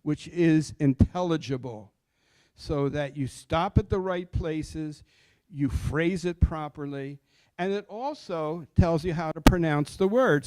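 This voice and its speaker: Older guy teaching a study group, slightly high voice, asks the room stuff then answers it himself. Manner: explanatory, poses questions to listeners and answers them. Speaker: cantor teaching Torah chant. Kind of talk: informal lecture to a study group.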